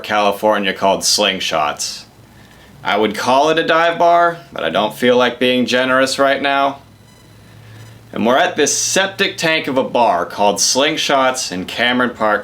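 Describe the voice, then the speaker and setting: A man's voice: mid-range voice, a bit bright. A young man telling a rambling, profane story in a casual comedic way.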